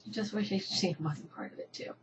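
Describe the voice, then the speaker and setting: A woman's voice: medium pitch, quick pace, dull audio, a little hiss or hum. A middle-aged woman from New Jersey telling her family story, emotional and heartfelt, her voice sometimes dropping to a whisper. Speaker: patient advocacy founder. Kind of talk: personal story to camera.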